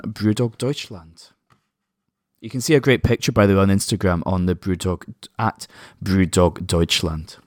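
A man's voice: low voice, no echo, clean studio sound. A man co-hosting a casual podcast, chatty, wry and opinionated. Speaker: podcast co-host.

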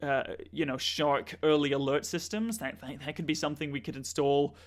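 A man co-hosting a comedy podcast, halting with restarts and breaking into mock-alarmed swearing. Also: on the high side, steady tone. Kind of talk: deadpan comedy banter.

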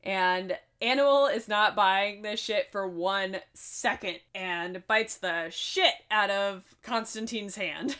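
A woman's voice: medium pitch, slow pace, a bit bright, clear, resonant tone. Woman podcaster telling a movie plot, casual, laughs a lot, swears some. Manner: breezy, profane, laughs often. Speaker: podcast co-host. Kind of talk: casual movie recap chat.

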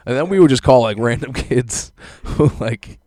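A man's voice: medium pitch, animated, moderate pace, dark tone, no room sound. A man with an ordinary middle voice, recorded close with no room sound. He rambles through stories in a loose, profane way, often laughing as he goes. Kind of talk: casual storytelling.

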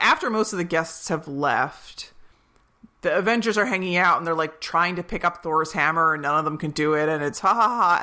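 A young woman talks through a movie plot in a bright, clear voice, laughing often and jumping into little voices for the characters. Her delivery is loose and animated, like a casual chat between friends. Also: on the low side. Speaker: podcast co-host.

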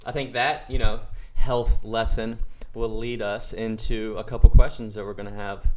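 A man hosts a podcast episode in a loose, joking way, bantering easily with his co-hosts. His delivery is casual and relaxed. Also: on the low side, normal speed. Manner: laid-back, joking banter. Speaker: podcast host. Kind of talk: casual chat.

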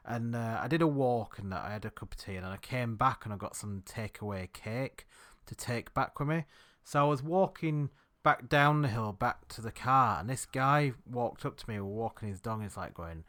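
A man's voice: mid-range voice, moderate pace, sharp tone. Yorkshire man telling a rambling story. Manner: rambling storyteller, laughs easily. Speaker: podcast host. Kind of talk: casual podcast chat.

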